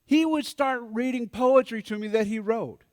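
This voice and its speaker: A man giving a storytelling talk at a church mental health forum, animated and acting out the voices of people he quotes. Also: extremely high pitch, moderate pace, no room sound, clean studio sound.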